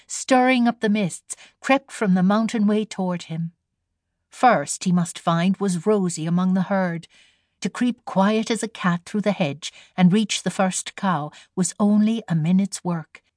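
A woman narrates a storybook in an unhurried, even reading voice. Her pitch sits in the middle of the range, and the recording is close and dry, with no room around her. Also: no echo. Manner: storytelling read with voiced characters. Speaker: audiobook narrator. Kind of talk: scripted narration.

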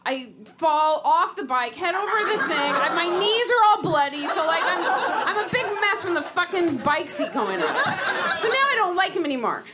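A woman's voice: very high-pitched, normal speed, over a noisy crowd, heavy background noise. A woman in her forties, a comedian, telling a rambling personal story live, laughing through it. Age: 40s. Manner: animated, laughing, rambling restarts.

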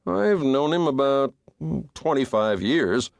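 A man's voice: mid-range voice, animated, slow pace, creaky, dry recording, pitched above the performer's own voice. Brief: a guarded, understated cowboy in a western audiobook, read by a male narrator, dry read. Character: grave, guarded cowboy returning home. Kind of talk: audiobook character voice.

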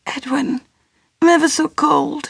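A woman's voice: sits high, steady tone, a little slow, vocal fry, dry recording, clean studio sound, pitched above the performer's own voice, full character voice. A woman doing a young servant girl. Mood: soft, tender. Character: young working-class servant girl, anxious.

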